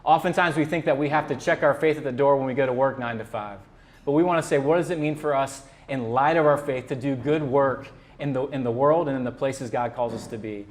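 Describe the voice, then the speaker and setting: A man's voice: mid-range voice, fairly quick. A man hosting a luncheon, earnestly introducing the guest speaker with occasional fillers. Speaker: event host. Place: luncheon event room.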